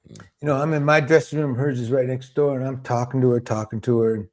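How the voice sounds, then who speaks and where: Older man, talk show host, laid-back chatty storyteller, mid pitch. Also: fast talker. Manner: relaxed anecdotal storyteller. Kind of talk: casual interview chat.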